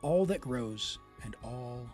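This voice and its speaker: A solemn, measured narrator intoning lofty lore, as a man puts on his narration voice. The delivery is slow and weighty, with the pitch rising and falling widely over each phrase. Faint music plays underneath. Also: lively intonation, darkish tone. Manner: slow, measured, dramatic recitation. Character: solemn male narrator reading grand lore. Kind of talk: dramatic read-aloud of game text.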